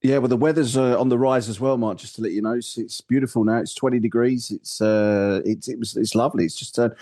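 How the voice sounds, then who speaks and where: A man with a husky, slightly raspy voice co-hosts a casual podcast over a remote call. He talks quickly and hits back at his co-host's jokes with dry sarcasm. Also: medium pitch, fairly even intonation, mellow. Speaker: podcast co-host. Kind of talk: casual chat.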